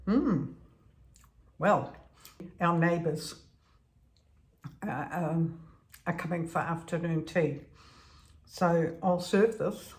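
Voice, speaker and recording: A woman's voice: on the low side, extremely slow, long pauses. A woman chatting casually as she bakes at home, laughing often and trailing off with fillers. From Netherlands. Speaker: vlogger. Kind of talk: casual home baking vlog.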